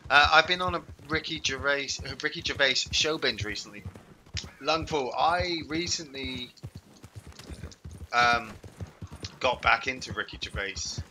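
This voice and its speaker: A man's voice: medium pitch, expressive, a little slow, long pauses, sharp tone, slight background noise. Swearing, rambling man streaming. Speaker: game streamer. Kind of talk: casual gaming chat.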